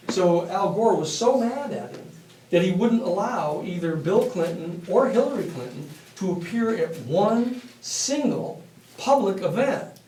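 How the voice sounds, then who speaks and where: A man lecturing a university class, telling stories in a blunt, animated and profane way. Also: sits high, slight background noise. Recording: echoey classroom from a distance.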